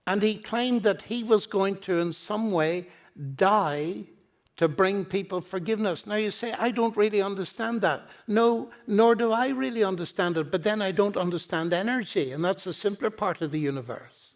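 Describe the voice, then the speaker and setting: A man's voice: sits high, moderate pace. An older man giving a public lecture in a university hall, earnest and pleading, telling stories with quoted dialogue. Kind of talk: public lecture on faith and science.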